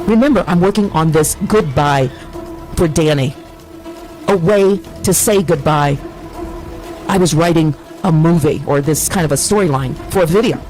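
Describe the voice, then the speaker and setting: A woman's voice: low voice, normal speed, darkish tone, soft background music, rough recording. Rambling woman reading out chat messages. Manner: meandering, self-correcting. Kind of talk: reading her own chat messages aloud.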